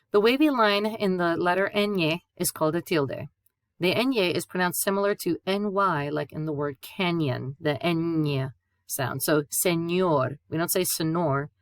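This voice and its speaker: A woman with a lowish voice teaches a Spanish lesson. She spells out letters and repeats sounds patiently and clearly. The recording is dry and close. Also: no echo. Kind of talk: classroom lesson.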